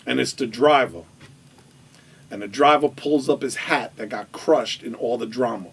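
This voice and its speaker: Gravelly man telling a wild story. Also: mid-range voice, normal speed, a bit bright, far from the mic. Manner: acts out quoted voices, laughing. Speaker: storytelling guest. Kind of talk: animated anecdote telling.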